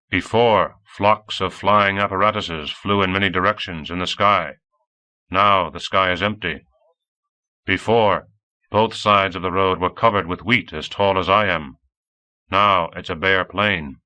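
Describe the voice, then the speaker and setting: A man voicing an old male android robot who speaks in a droning monotone. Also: low-pitched, clear, resonant tone.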